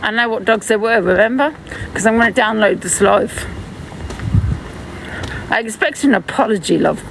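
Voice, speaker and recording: A woman's voice: mid-range voice, normal speed, creaky. A woman live-streaming outdoors from her phone, talking in a heated, mocking way and swearing freely. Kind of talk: confrontational street live stream. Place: outdoors on a city street. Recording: phone with loud street noise.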